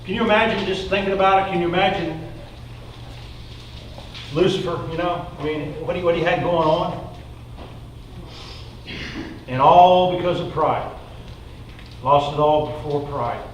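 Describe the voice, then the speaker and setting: High-voiced man preaching in a roomy hall. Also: a little slow, pauses often. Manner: conversational preaching with fillers, reading scripture aloud. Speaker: pastor. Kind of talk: sermon. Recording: roomy echo, distant mic, faint noise.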